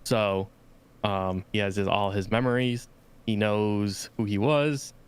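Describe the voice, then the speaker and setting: A man co-hosting a podcast in casual review chat, measured and hesitant with many fillers. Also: lowish voice, fairly even intonation, clean tone.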